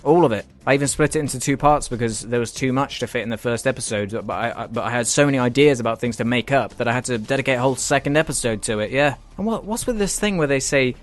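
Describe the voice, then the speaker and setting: A British man with a medium-pitched voice talks fast with few pauses. As a YouTuber reacting to comments, he reads out viewer remarks and answers them in a sarcastic, swearing comedy rant.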